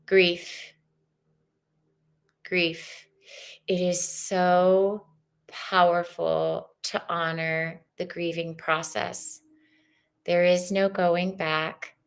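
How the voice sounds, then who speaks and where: A woman with a soft, earnest manner, giving a live spiritual tarot reading. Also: on the low side, flat delivery, very slow, pauses often, clear, resonant tone. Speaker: tarot reader.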